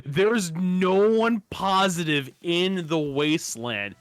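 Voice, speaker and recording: A male streamer co-host chats casually on a live stream, rambling, animated, laughing often and restarting words. His voice is high-pitched and slow, with no echo and faint music in the background.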